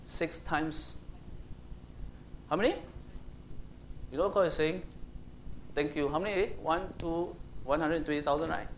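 Male preacher, animated sermon delivery, fairly high voice, faint background noise. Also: a little slow, pauses often. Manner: animated, asks the congregation questions, acts out Bible voices.

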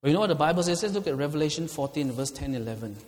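A man preaches a fiery sermon. He swings from loud declarations to hushed, intense asides. His voice rings out with a long reverb in a church hall. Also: a little high, expressive, rapid-fire.

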